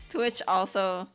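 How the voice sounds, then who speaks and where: A woman's voice: medium pitch, a bit bright. A young woman chatting casually on a live stream, rambling and giggling, full of "like".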